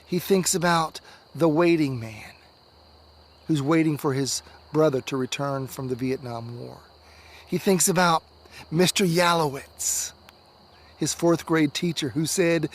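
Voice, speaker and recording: A man, a religious education coordinator, reading a children's story aloud with expressive delivery and dips into soft whispers, recorded at home at night. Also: a little high, normal speed.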